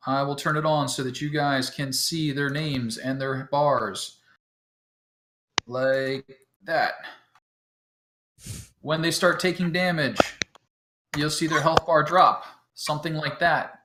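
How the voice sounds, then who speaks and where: Relaxed man running a tabletop game. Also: on the high side, takes it slowly, pauses often, background noise. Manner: relaxed, filler-heavy, chuckles often. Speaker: game master. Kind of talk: explaining game setup to players. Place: home, talking over voice chat.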